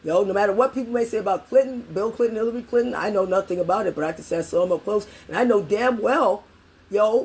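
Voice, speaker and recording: A woman's voice: on the high side, husky. Profane, emphatic middle-aged woman ranting. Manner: profane, emphatic, repetitive, addresses viewers as y'all. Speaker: political vlogger. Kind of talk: angry political rant.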